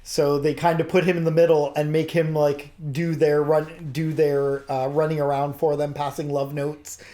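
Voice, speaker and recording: A man's voice: a little high, flat delivery, normal speed, warm tone. A young man hosting a casual chat, rambling with many fillers and laughing often. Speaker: host.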